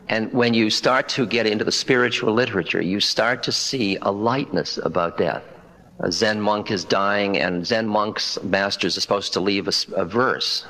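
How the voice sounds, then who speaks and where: Low-voiced older man telling stories. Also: moderate pace, bright, forceful tone, poor audio. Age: 60s. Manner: conversational, wry, quotes dialogue in stories. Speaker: spiritual teacher. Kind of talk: public talk with storytelling. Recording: 1992 lecture recording.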